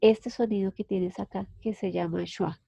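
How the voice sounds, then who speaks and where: A woman's voice: mid-range voice, fairly even intonation, vocal fry, dark tone, husky, no echo. Colombian woman teaching English, patient. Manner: patient, explains slowly with restarts. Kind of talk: online class explanation.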